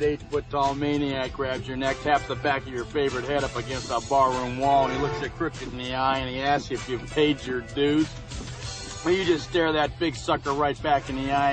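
An actor playing a cocksure, tough-talking trucker hero in a swaggering folksy drawl. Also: male voice, mid-range voice, steady tone, fairly quick, natural voice. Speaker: film character on a clip. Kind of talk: movie dialogue monologue. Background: film music.

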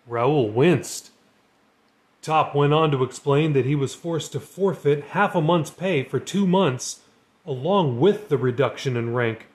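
Guy narrating a christian story live, highish voice, steady read. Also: a little slow. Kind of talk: live audiobook reading.

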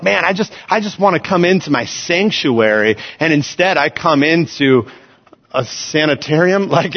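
A young adult man preaches in a big church hall, his fairly high voice trailing off into a long reverb. He tells everyday stories and acts out the people in them, playful and animated. The sound is a bit dull and muffled. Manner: playful storytelling, acting out scenes. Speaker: student ministries pastor. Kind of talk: sermon.

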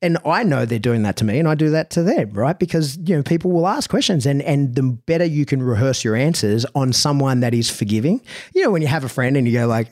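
A man's voice: medium pitch, lively intonation, fast talker, few pauses, darkish tone. A man talking through dog-training ideas in casual podcast chat, looping back often with "right?" and "you know".

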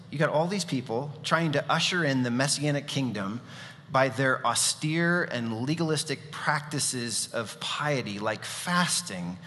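A man's voice: fairly high pitch, pushed and bright. A man preaching a sermon as pastor, telling stories casually with fillers and asides. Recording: long reverb of a large hall.

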